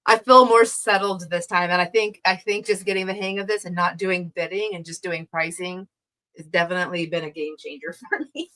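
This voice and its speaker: A middle-aged woman selling crafts on a livestream from her craft room keeps up casual chatter, gushing over items and laughing a lot. Her voice is on the low side and steady, a little fast, bright and forceful, though the recording is rough.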